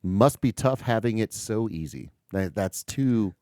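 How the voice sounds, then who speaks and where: A podcast co-host, a man who talks loosely, joking and swearing freely. His voice sits low, but it moves around a lot as he talks. The recording is dry and close. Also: lively intonation, unhurried, darkish tone, no room sound. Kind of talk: casual chat.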